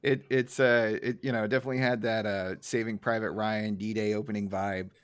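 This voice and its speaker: A man's voice: lowish voice, steady tone, fairly quick, clean tone, no room sound. A man co-hosting a podcast, chatting in an easygoing way about a cartoon episode and chuckling often. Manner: easygoing, self-described nerd, chuckles often. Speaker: podcast co-host. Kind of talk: casual chat recapping an episode.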